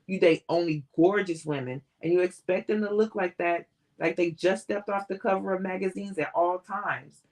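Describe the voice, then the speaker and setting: A woman's voice: fairly low pitch, normal speed, darkish tone, natural voice, low-quality recording. A woman reading the lines of a blunt young singer who pushes back against her fiancé. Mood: challenging. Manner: blunt and challenging.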